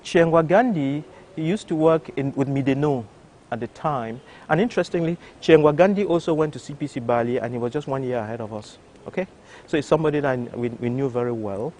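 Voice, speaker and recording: An older man, a doctor from Cameroon, telling an interviewer his story, animated and full of restarts. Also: mid-range voice, fairly quick, a little hiss or hum. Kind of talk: recounting a personal story. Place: television studio.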